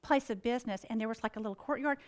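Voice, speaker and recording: A woman's voice: on the high side, very fast. A middle-aged woman, telling a faith story in a chatty, exclamatory way and acting out the dialogue. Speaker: Christian speaker. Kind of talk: animated storytelling.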